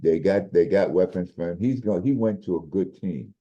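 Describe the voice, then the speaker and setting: A low-voiced man talks football on a podcast, his tone dark and mellow. He explains things in a measured way, often restarting sentences mid-thought. The audio is dull and lo-fi. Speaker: podcast co-host, football analyst. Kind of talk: casual sports chat.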